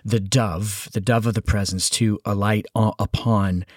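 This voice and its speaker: A middle-aged man co-hosting a podcast, telling animated stories with lots of self-interruptions. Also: fairly low pitch, a little slow, dry recording, clean studio sound. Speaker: podcast co-host. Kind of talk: casual conversational storytelling.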